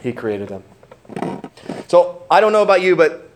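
Very animated and high-voiced, a young man preaches at normal speed as pastor, chatting casually with joking asides and plenty of "right?" checks. Roomy hall acoustics and faint background noise come through.

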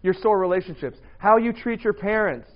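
Brief: male preacher, 30s, slightly high voice, loud and animated, casual sermon on a muffled lo-fi recording. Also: normal speed. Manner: loud, animated, joking asides. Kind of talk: casual sermon to young adults. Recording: dull lo-fi recording.

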